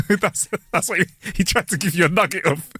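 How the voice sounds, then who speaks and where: A man co-hosting a podcast, chatty and quick to ask questions. His voice sits a little high for a man. The recording is dry and close. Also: bright, forceful tone, slightly rough, no room sound. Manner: chatty, asks questions and laughs along. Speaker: podcast co-host. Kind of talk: casual chat.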